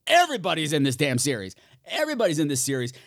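A man hosting a solo podcast, chatting in an animated, campy way, swearing freely and talking to himself. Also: on the high side, very fast, no echo, studio quality. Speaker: podcast host. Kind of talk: solo podcast chat, horror recommendations.

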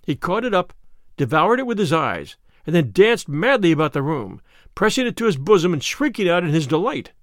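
A man narrating an audiobook in a measured, lively way. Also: on the high side, dry recording, clean studio sound. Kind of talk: storytelling narration.

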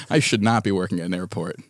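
A man in his thirties or forties hosting a podcast, telling a story in casual chat, animated and exasperated, laughing often. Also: low-pitched, brisk, no room sound, clean studio sound. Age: 30s to 40s. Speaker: podcast host.

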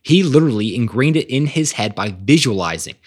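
A man's voice: medium pitch, expressive, a little fast, husky. A man hosting a podcast, talking with energy and emphasis about growth mindset and reading quotes aloud. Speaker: podcast host. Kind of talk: motivational monologue.

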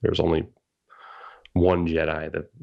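A man with a very low, gravelly voice, chatting casually on a podcast. He rambles and hesitates, full of fillers and restarts. The sound is a bit dull and lo-fi. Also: monotone, a little slow. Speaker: podcast co-host. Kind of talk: casual chat.

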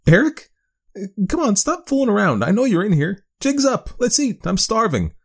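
A man's voice: sits high, quick pace, a little mellow, pitched above the performer's own voice. A man voicing a flustered young working woman in a storybook, calling out in exasperation.

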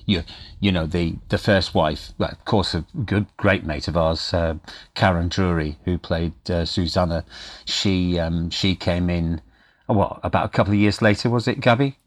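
A man, an actor being interviewed, reminiscing casually with a halting, hesitant manner. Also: sits low. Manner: halting, many fillers and restarts.

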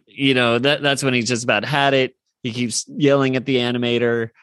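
A man co-hosting a fan podcast, recapping a cartoon episode in a rambling, animated way with many fillers. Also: medium pitch, fairly quick, clear, resonant tone, no room sound. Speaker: podcast co-host.

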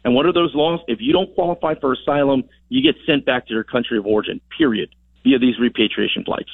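A man's voice: medium pitch, lively intonation, fast, creaky, dry recording. Man on a dry, tinny phone line. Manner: emphatic, rallying, repeats words for stress. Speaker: congressman as phone-in guest. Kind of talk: radio interview answers. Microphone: telephone.

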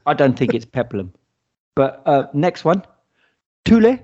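A man's voice: fairly high pitch, very animated, a little slow, mellow, dull audio. A man co-hosting a casual podcast chat, reading out a word list with playful mock pronunciations. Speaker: podcast co-host.

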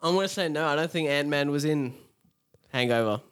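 A man's voice: a little high, a little fast, a bit bright, clear, resonant tone, no room sound, clean studio sound. A man on a casual podcast, chatting and laughing as he plays a movie quiz. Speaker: podcast co-host, game player. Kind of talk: casual banter.

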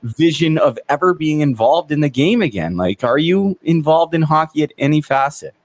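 A man's voice: on the high side, expressive, moderate pace, no room sound. A man hosting a podcast, talking in a loose, chatty way with lots of fillers and restarts. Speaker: podcast host. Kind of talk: casual interview chat.

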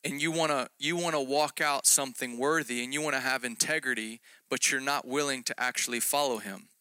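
A man's voice: medium pitch, fairly even intonation, fairly quick, sharp tone, clear, resonant tone, no room sound. A man preaching a conversational sermon, telling a story about himself with self-deprecating jokes.

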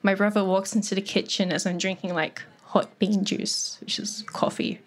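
In a whisper, a young woman delivers a loose, sweary, rambling comic story on stage, packed with "like" and punctuated by her own laughter. Her mid-range voice is flat and moderately paced, and the live audience can be heard laughing in this casual stand-up storytelling.

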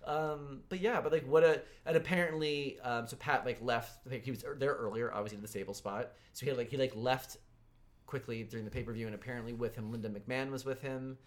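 A man's voice: mid-range voice, fairly even intonation, brisk. A man hosting a podcast, casually retelling a backstage story with quoted dialogue. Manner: recounts stories with quoted dialogue. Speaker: podcast host.

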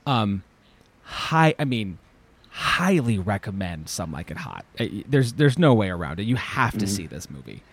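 A man's voice: on the low side, sing-song, moderate pace, husky. A man guesting on a film podcast, sharing film knowledge with lots of hesitations and fillers. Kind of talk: casual film chat.

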